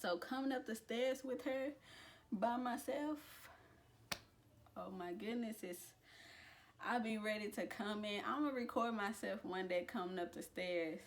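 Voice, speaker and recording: A woman's voice: medium pitch, a little slow. Chatty young woman vlogging. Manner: chatty, relaxed, with many fillers and restarts. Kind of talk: casual pregnancy update vlog.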